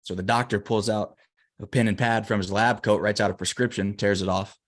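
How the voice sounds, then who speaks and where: A man's voice: lowish voice, fairly even intonation, a little fast. A man as an interview guest telling a story and giving emphatic motivational advice. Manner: earnest, emphatic.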